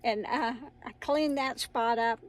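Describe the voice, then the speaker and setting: A middle-aged woman speaks at a measured pace in a fairly high voice over a rough recording. Hosting her own tarot channel, she rambles casually to viewers and often breaks into laughter.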